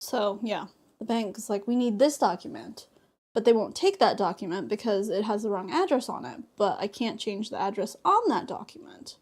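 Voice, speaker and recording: She's a young woman crafting on stream and chatting easily, often laughing and playing out conversations as she narrates. Her medium-pitched voice is animated and a little rough, at a moderate pace.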